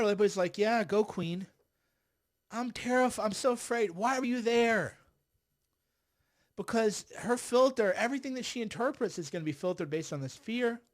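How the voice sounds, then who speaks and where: A middle-aged man with a high-pitched voice hosts a political livestream. He sounds sarcastic and exasperated, sighs often, and mocks the people he talks about. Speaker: livestream host.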